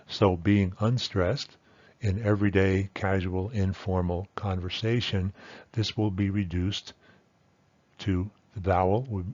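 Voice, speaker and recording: Low husky male language teacher. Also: darkish tone, no echo, dull audio. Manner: patient, methodical, models sounds slowly. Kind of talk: explaining pronunciation over slides.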